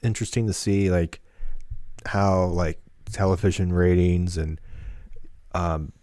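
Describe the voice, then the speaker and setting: A man co-hosts a casual podcast in a deep, low voice. He rambles through his notes with frequent fillers and false starts. The sound is close and dry, with no room echo. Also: steady tone, a little slow, warm tone. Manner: rambling, many fillers and restarts. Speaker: podcast co-host.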